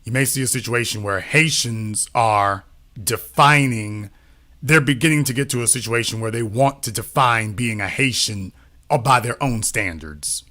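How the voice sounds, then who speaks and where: A man's voice: mid-range voice, moderate pace, sharp tone. A man talking as a political commentator in a casual discussion, often repeating himself and asking rhetorical questions.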